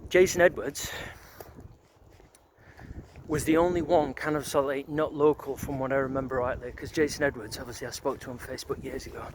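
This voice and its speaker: A man's voice: medium pitch, fairly even intonation, brisk, noisy background. A middle-aged man walks around an outdoor neighbourhood. He reminisces in a loose, rambling way, full of filler words and casual swearing. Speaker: vlogger.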